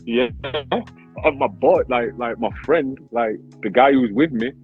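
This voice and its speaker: A man, a grime artist and battle rapper telling a story in a casual interview, animated, swearing often and saying "bro" all the time. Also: mid-range voice, unhurried, breathy edge. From Leeds, England. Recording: tinny phone-like sound with faint music.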